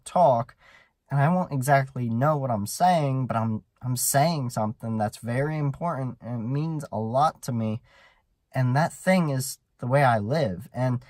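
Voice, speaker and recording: A man's voice: mid-range voice, darkish tone, no echo. A man hosting a solo podcast, talking in an earnest, rambling monologue full of restarts and fillers. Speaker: podcast host.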